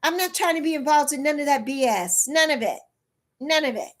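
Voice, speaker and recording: A woman in her early sixties hosts a livestream, talking bluntly, repeating herself for emphasis, and responding to her chat. Her voice is high and expressive, and she speaks a little fast.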